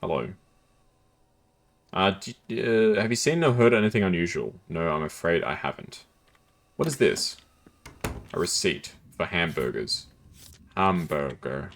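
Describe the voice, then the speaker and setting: Playful low-voiced man streaming a game. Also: expressive, unhurried, pauses often, slight background noise. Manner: playful, giggly, self-deprecating. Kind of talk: casual gameplay commentary.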